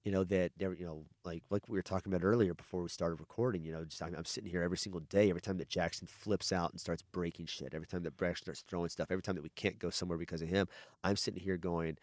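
Man, middle-aged, very low voice, rapid talk, candid rambling, dry close sound. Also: fairly even intonation, no room sound. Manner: candid, rambling, frequent restarts and swearing. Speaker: adoptive father. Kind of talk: casual podcast conversation.

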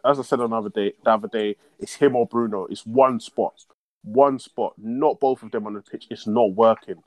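A man's voice: fairly low pitch, fairly even intonation, moderate pace, darkish tone, no room sound. Young male, casual football-fan host, frustrated and sweary. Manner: frustrated, slangy, swears often. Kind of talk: casual chat, reacting to a football match.

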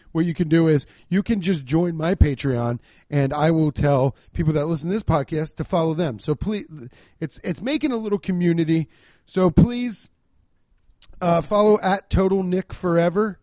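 A man's voice: a little high, dark tone, no echo. A man from Cincinnati hosting a comedy podcast, talking loosely and profanely and restarting his sentences often. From Cincinnati, USA. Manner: rambling, profane, repeats words as he restarts. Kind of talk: casual podcast rant.

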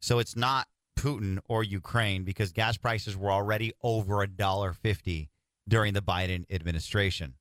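A man's voice: fairly low pitch, moderate pace, no echo. A man hosting a talk radio show, commenting sarcastically on played clips. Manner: sarcastic, animated, jokey interjections. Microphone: studio microphone.

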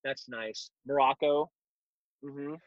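A man's voice: medium pitch, fairly even intonation, slow, no room sound. A man talking bluntly in an interview, telling stories with mocking asides. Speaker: guest, self-defense instructor. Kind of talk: casual interview talk. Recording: dull lo-fi recording.

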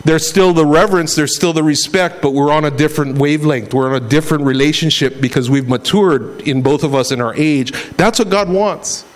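A man's voice: a little high, fairly quick, hardly any pauses. A middle-aged man preaching a sermon in a conversational way, acting out quotes as he goes. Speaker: pastor.

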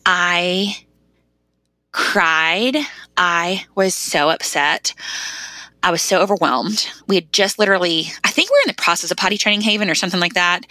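A woman's voice: on the low side, bright, forceful tone, dry recording. A middle-aged woman, a podcast guest, telling a heartfelt personal story in casual, conversational talk full of "like" fillers.

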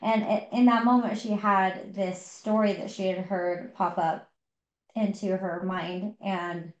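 A woman's voice: medium pitch, fairly even intonation, slow pace, reverberant, low-quality recording. A woman co-hosting a podcast, chatting casually about a book with lots of fillers and restarts. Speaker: podcast co-host. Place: home.

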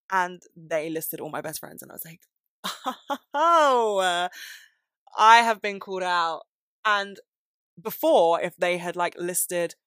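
Low-voiced candid woman podcaster. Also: fairly bright tone, no echo, clean studio sound. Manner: candid, rambling, self-deprecating, laughs often. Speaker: podcast host. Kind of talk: casual solo podcast chat.

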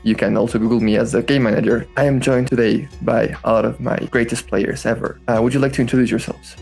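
Male dungeon master, mid-pitched voice, animated narration, faint music underneath. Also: fast, creaky. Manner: animated, leaping pitch on key words. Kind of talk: tabletop game narration.

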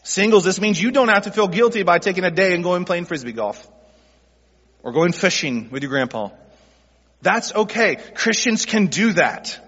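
A man's voice: high-pitched, lively intonation, normal speed, a bit bright, husky. A middle-aged male pastor preaching an earnest, conversational sermon that speaks directly to groups in the congregation. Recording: dull sound with long hall reverb.

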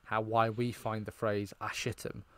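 A man's voice: fairly low pitch, flat delivery, moderate pace, a bit bright. Man chatting enthusiastically. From Britain. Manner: rambling, enthusiastic, lots of fillers and restarts. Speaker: podcast co-host. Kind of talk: casual film discussion.

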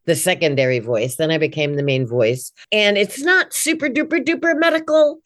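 A middle-aged woman with a low-pitched voice talks in a relaxed, candid interview about her voice-over work. She is a chatty speaker whose sentences wander, dotted with "like" and "you know." She sounds like a seasoned teacher of the craft sharing her experience. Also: moderate pace, no echo, studio quality. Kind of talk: casual interview chat.

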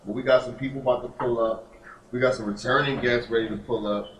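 A man hosting a podcast, telling loud, profane stories in casual banter. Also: mid-range voice, fast talker, a little hiss or hum. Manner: loud animated storytelling with profanity. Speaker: podcast host. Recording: echoey room, mic at a distance.

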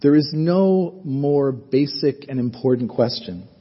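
Husky-voiced pastor preaching in a reverberant hall. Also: male voice, mid-range voice, animated, slow pace. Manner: earnest, conversational preaching with rhetorical questions. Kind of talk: sermon. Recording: muffled sound with long reverb in a hall.

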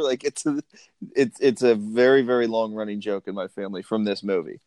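A man's voice: medium pitch, steady tone, normal speed, warm tone, dry recording. A man co-hosting a casual movie podcast who laughs often and acts out quotes. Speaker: podcast co-host. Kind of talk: casual chat about a movie.

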